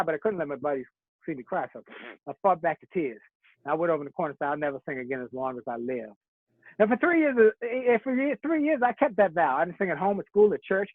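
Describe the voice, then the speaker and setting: A man's voice: high-pitched, dry recording. A man giving a motivational keynote speech, telling stories in a preacherly rhythm with rhymed slogans. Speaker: keynote speaker. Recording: tinny phone-like audio.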